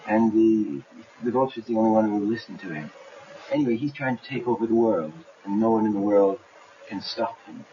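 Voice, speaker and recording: Man animator, documentary explainer, lively and theatrical, dull lo-fi audio. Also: on the low side, brisk. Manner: lively, acts out scenes while explaining. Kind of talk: explaining his work in a documentary. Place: animation studio. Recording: dull 1970s documentary audio with faint hiss.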